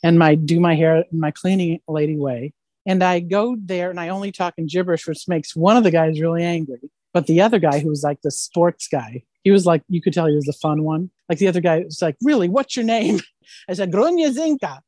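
A woman actress tells stories as an interview guest in a lively, rambling way and keeps checking in with "right?". Her voice sits a little low. The sound is dry and close, with no room echo. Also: fairly quick. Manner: animated storyteller, keeps asking "right?". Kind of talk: casual anecdotal interview.

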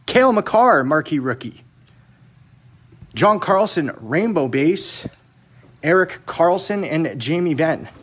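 A man's voice: a little high, lively intonation, slow pace, pauses often, fairly bright tone, husky. A man hosting a hockey card break live, chatting casually and joking with viewers as he rattles off cards. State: jittery from too much caffeine. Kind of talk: casual live-stream chat.

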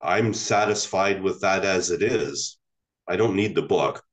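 A man voicing a blunt, unattached young male Zen student who refuses calmly and plainly in a retold teaching story. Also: low voice, a little slow.

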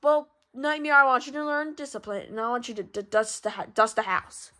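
Lady doing a bossy dad, trips over his words, kinda high, home fan movie. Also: bright, forceful tone. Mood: stern. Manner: stern, halting, stumbling over words. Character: strict dad making his kid do chores. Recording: homemade fan toy movie.

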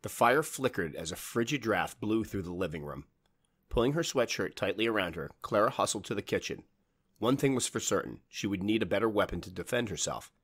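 A man narrating a horror story in a measured, dramatic storytelling manner. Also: fairly low pitch, lively intonation, a bit bright, husky.

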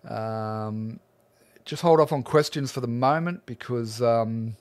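A friendly middle-aged man with an Australian accent, talking casually to his livestream audience. His voice sits at a medium pitch and stays relaxed and chatty, like an art teacher warming up a weekly Q&A. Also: slow. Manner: friendly, greets viewers one by one by name.

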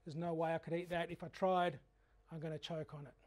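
A man voicing a cautious wading bird that decides a frog is too big to eat, in a slowed, matter-of-fact way. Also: fairly high pitch, little pitch movement, a little mellow, lightly acted. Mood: put off.

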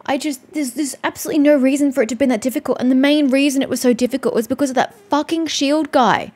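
Woman gaming commentator, worn out from crying, swearing rant, fairly high voice. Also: quick pace, few pauses, darkish tone. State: upset and exhausted after crying. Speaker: gameplay streamer. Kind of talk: let's play commentary.

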